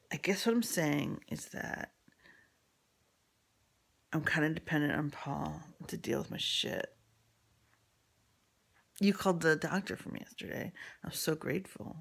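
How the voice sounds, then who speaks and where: Gravelly, rambling storyteller with husky whispers. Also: mid-range voice, takes it slowly, pauses often, a bit bright. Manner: rambling, profane, many fillers and restarts; drops into unvoiced whispery asides. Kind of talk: casual personal storytelling.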